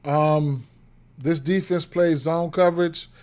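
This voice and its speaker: A man's voice: a little high, fairly even intonation, slow, darkish tone. A man doing casual livestream betting analysis, rambling with frequent fillers and repeated words, interrupted by hiccups. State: has the hiccups. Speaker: sports betting streamer.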